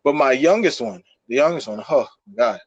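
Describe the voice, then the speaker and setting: A young man co-hosts a podcast, telling a story in a casual, animated way packed with fillers and swearing. His voice sits in the mid range and moves fairly quickly. The recording is lo-fi with no echo.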